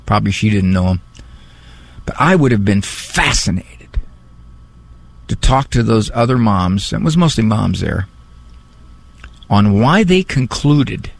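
A man hosting a radio call-in show, talking in a wry, musing way with drawn-out phrasing, close on a studio mic. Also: medium pitch, gravelly, dry recording. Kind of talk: conversational radio talk. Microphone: studio microphone.

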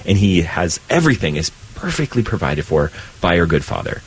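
A man's voice: brisk, slight background noise, rough recording. A man, a priest, talking earnestly about faith in a conversational show, his voice lifting when he is moved. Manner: earnest and animated, rising pitch when stirred. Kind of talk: conversational spiritual talk.

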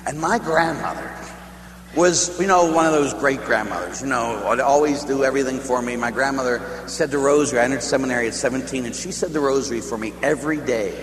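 A man's voice: mid-range voice, fast talker. A man, a priest, giving a retreat talk, telling a personal story with acted quotes and rising emphasis. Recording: echoey hall with long reverb and faint hum.

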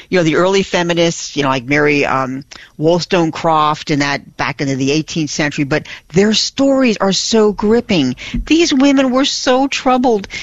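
A woman's voice: fairly low pitch, no echo. Eager woman guest on a muffled line. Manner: enthusiastic, with restarts. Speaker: regular co-host. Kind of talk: radio talk show conversation.

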